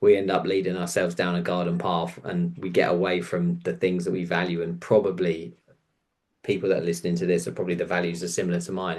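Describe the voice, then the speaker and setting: A man, speaking as a podcast guest and telling stories in an earnest, unhurried way. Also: deep voice, a little mellow. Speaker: guest, coach. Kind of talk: reflective conversation.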